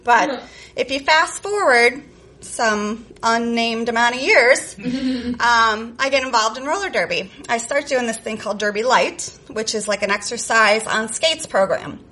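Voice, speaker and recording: A woman's voice: fairly high pitch, a little slow, bright, forceful tone. A woman from the South Side of Chicago telling a personal story on stage at a live show, sarcastic and profane with lots of energy.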